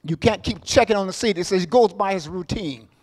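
A middle-aged man preaching a sermon as pastor, repeating his phrases, calling out for amens and swinging between loud bursts and quiet asides. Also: sits high, brisk, in a large hall. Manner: call-and-response, asks the congregation for amens; repeats words and phrases for emphasis.

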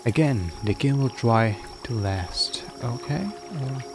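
A man's voice: medium pitch, expressive, slow pace, music in the background. A man casually commenting on a strategy game as he plays, thinking aloud with many ums and reading out the game's prompts. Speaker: gaming video creator. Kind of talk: casual let's-play commentary.

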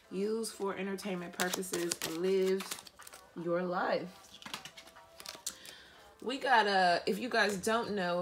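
A woman's voice: mid-range voice, sharp tone, slight background noise. A woman giving a casual tarot reading, playful and profane, often breaking into laughter. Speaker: tarot reader and life coach.

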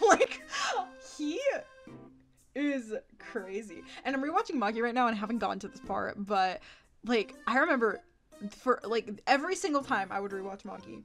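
Young woman, casual vlogger, giggly, rambling, swears a lot, high-ish voice, light music bed. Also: fairly bright tone. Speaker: anime vlogger. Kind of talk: casual chat.

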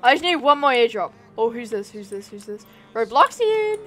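A woman streaming a video game, chatting casually, teasing and yelling at other players. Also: fairly high pitch, fairly quick, rough recording. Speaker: livestreamer. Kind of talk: casual gaming livestream chat.

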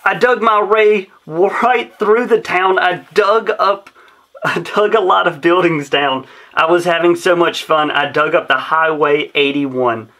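Guy reading a kids rhyming story, sing-song, kinda high, bright voice. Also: unhurried. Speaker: storybook reader.

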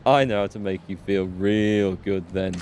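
A crude, loudmouthed street thug who jeers and taunts, as a man reads him out. The low voice is only lightly pushed up and louder than plain talk, like a gamer reading subtitles. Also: steady tone, unhurried, a little hiss or hum. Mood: taunting. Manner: taunting, coarse. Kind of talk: reading game subtitles aloud.

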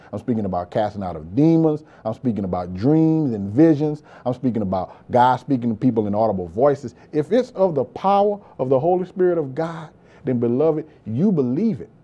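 A man's voice: medium pitch, lively intonation, a little fast, dark tone, dull audio. A male pastor preaching a sermon with impassioned repetition, often calling out to listeners as beloved. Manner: impassioned preaching, frequent "beloved" and "praise God", repetitive emphasis.

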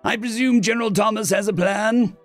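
A man's voice: steady tone, brisk, no room sound, soft background music, natural voice. A man doing a frantic alien general with mandibles. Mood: formal, weary. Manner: melodramatic, high-strung.

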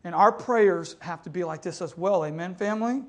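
A man's voice: high-pitched, moderate pace. A man preaching a sermon with passion, often calling out to the congregation for an amen. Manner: impassioned preaching, calls for amens. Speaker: pastor.

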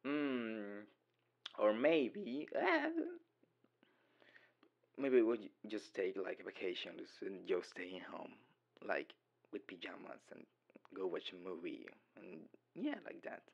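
A man's voice: fairly low pitch, animated, slow pace, creaky, pauses often, lo-fi sound. Giggly young man. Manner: giggly, rambling, dorky. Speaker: boyfriend in audio role-play. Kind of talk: casual voicemail role-play.

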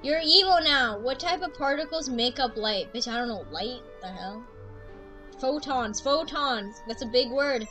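High-pitched woman streamer, slangy and excitable, game music clearly playing behind. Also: unhurried, poor audio. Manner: excitable, loud outbursts, slangy. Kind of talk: casual gaming livestream chat.

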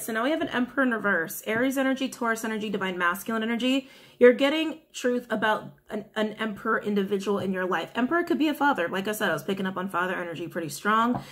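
A woman's voice: fairly high pitch, fairly bright tone, a little hiss or hum. A woman giving a casual, chatty tarot reading to viewers, often repeating her questions to the cards. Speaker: tarot reader.

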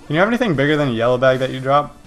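Gamer dude yelling and cussing at his game, swingy voice, faint music behind. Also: medium pitch, racing. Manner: excitable, yelps and swears at failures; mocking voices of other gamers. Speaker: let's play gamer. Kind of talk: casual gameplay commentary.

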